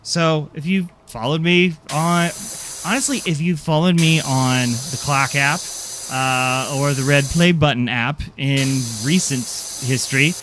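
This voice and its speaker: A man's voice: a little high, unhurried, noisy background. A man streaming a game, chatting casually with his viewers in a rambling, self-deprecating way. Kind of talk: casual live-stream chat.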